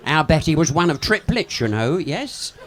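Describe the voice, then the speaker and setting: High, lively camp comic. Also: male voice, normal speed. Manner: camp, cheeky, gossipy storytelling with laughs. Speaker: cabaret comedian and singer. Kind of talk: live bawdy stand-up patter. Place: pub stage before a live audience.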